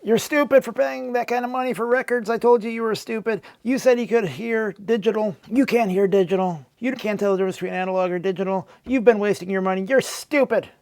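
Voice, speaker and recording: A jeering, scornful online troll, voiced by a man, ranting insults in a raised pitch with a gravelly rasp. The delivery is mocking and relentless. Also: a little fast, hardly any pauses, darkish tone, no room sound.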